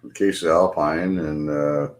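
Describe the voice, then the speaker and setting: A man's voice: rumbling low, a little slow. A middle-aged man ranting casually to his livestream viewers, swearing constantly and laughing through his stories. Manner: profane, animated storytelling with laughter. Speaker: livestream host.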